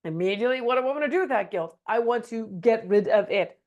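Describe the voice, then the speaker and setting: A middle-aged woman presenting a webinar in a casual, animated teaching style, slipping into meek voices for examples. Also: fairly high pitch, fast, muffled recording. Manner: animated, acts out quoted phrases in a meek voice.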